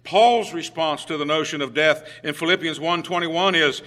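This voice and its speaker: Male preacher, middle-aged, sermon, slightly high voice, forceful edge, chatty with restarts. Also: steady tone, moderate pace, few pauses. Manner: conversational with restarts, swinging from hushed to emphatic.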